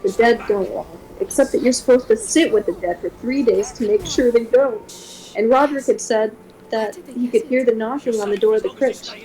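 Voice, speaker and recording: A woman streamer reading a gothic horror novel aloud in a steady first-person voice. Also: on the high side, normal speed, low-quality recording.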